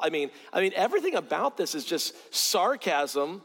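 A man's voice: high-pitched, sing-song, brisk, few pauses, fairly bright tone. A man preaching a sermon, earnest, often repeating words as he starts a phrase. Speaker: pastor. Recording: long hall reverb.

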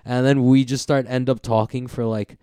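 Mellow, rambling young man. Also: mid-range voice, little pitch movement, normal speed, smooth, no room sound, clean studio sound. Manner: rambling, swears often, full of fillers. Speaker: podcast co-host. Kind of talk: casual podcast chat.

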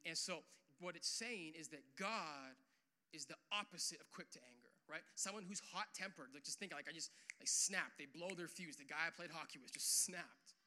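A young pastor preaches to his church in a loose, chatty way, dropping "like" and "uh" between thoughts. His voice sits high for a man and rings very bright and forceful, rising even louder when he drives a point home. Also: normal speed. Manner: casual, animated preaching with frequent "like" and "uh"; swells louder and higher on key points. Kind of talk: sermon.

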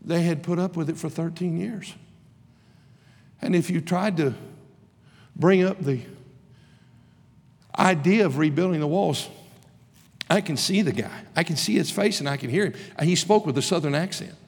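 A man preaches with emphatic passion, his fairly high voice ringing out through a large chapel. Long reverb trails after each phrase. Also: moderate pace, creaky, pauses often, husky. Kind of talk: sermon. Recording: reverberant hall.

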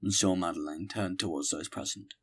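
A man reading a classic novel aloud as an audiobook, measured and steady. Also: low voice. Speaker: audiobook narrator. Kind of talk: scripted audiobook narration.

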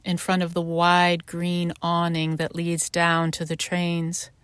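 A woman with a slightly low voice reads her own short fiction aloud. Her narration is measured and intimate, recorded close and dry with no room sound. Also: smooth, no room sound. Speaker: author reading her story. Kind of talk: literary reading.

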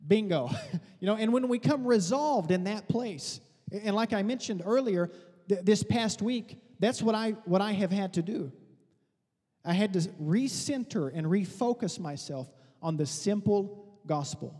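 High-voiced pastor preaching animatedly. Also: male voice, a little slow, breathy edge, big-room sound. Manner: animated, conversational, teasing asides. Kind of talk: sermon.

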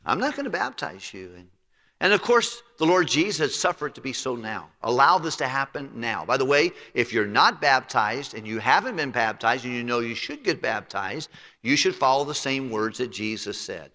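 Man, pastor, sermon, emphatic, drops quiet on key words, long church reverb. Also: mid-range voice, expressive, normal speed. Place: church sanctuary.

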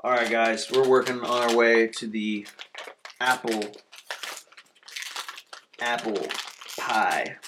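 A man's voice: medium pitch, flat delivery, measured pace, hardly any pauses, background noise. Laid-back man reviewing snacks. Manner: laid-back, chatty, eating while talking. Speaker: food reviewer vlogger. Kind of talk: casual snack review vlog.

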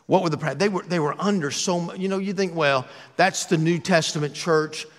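A pastor preaching a sermon in a conversational, joking way, with playful asides. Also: male voice, a little high, a little fast, big-room sound.

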